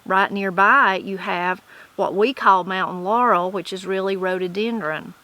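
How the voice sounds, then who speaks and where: A woman's voice: mid-range voice, measured pace, bright, forceful tone, rough recording. A middle-aged woman with a Southern Appalachian accent, chatting casually as host and reading aloud from old sources. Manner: chatty, folksy, self-correcting while reading aloud. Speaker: channel host. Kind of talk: casual talk and reading from a dictionary.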